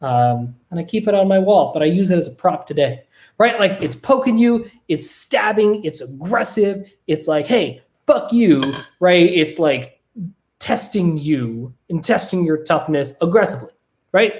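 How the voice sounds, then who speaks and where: A podcast host at a home desk, talking casually on camera in an animated way. The host swears freely and keeps asking "right?". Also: mid-range voice, moderate pace.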